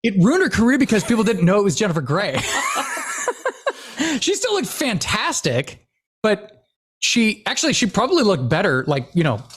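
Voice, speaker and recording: Animated middle-aged man, lively laughing host. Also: high-pitched, normal speed, long pauses, slight background noise. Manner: animated storyteller, laughs often, many fillers. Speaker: podcast host. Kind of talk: casual chat.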